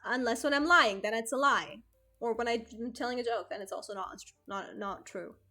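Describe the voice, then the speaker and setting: A woman's voice: on the high side, moderate pace, bright, forceful tone, soft background music. A young woman streamer chatting casually with her viewers, rambling and correcting herself, laughing often. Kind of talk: casual chat with live chat.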